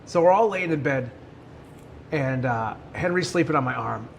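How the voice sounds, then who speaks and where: A man in his forties hosting a podcast, telling stories in a casual, animated way. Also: mid-range voice, moderate pace, gravelly, background noise. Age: 40s. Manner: animated storyteller, acts out voices. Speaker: podcast host. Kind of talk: casual chat.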